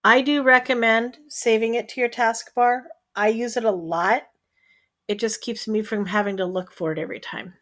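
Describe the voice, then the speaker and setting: A woman's voice: on the high side, fairly even intonation, moderate pace, a bit bright. A woman hosting a screen-share crafting tutorial, talking the viewer through each step in a chatty way and often checking in with "okay?". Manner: step-by-step instructions.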